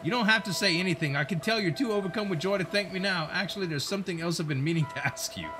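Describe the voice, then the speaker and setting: A man's voice: high voice, fast talker, background noise, lightly acted. A man voicing a cocky male skeleton pirate sailor in a put-on British pirate accent, teasing and swaggering. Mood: jovial. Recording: game music behind.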